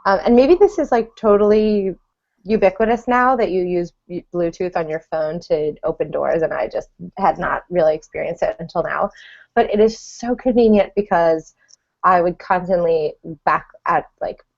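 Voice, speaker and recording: A woman's voice: on the low side, moderate pace, creaky. Enthusiastic woman co-host, lo-fi sound. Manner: laughs easily, enthusiastic. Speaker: podcast co-host. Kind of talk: casual chat.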